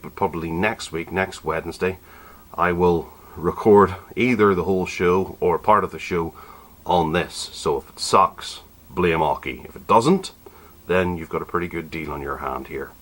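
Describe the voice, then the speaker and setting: A man with a very low, deep voice talks through a product review in a relaxed, chatty way. He hosts a tech podcast and often restarts his sentences mid-thought. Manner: chatty, self-correcting, relaxed asides.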